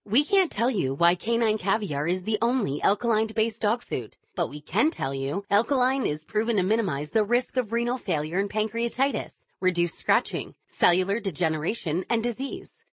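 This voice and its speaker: A woman's voice: mid-range voice, dry recording. Woman reading a dry studio ad. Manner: smooth, persuasive. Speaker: commercial announcer. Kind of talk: scripted ad read.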